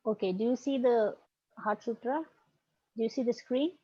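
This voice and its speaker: A woman's voice: on the high side, normal speed, dark tone, slightly rough, no echo. A woman teaching an online Buddhist philosophy class over a video call, explaining patiently and often checking in with "right?" and "okay". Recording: dull lo-fi video call audio.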